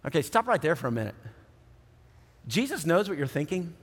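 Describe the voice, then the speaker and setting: A man's voice: a little high, big pitch swings, a little fast, slightly rough, big-room sound. A man preaching a sermon in a conversational way, often checking in with the audience by asking "right?". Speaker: pastor.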